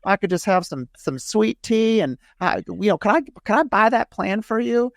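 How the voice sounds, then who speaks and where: A man's voice: high voice, expressive, normal speed, creaky, dry recording, studio quality, voice pushed up. A man voicing a folksy male home buyer with an imitated American Southern accent and a drawling, sing-song delivery. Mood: folksy, admiring.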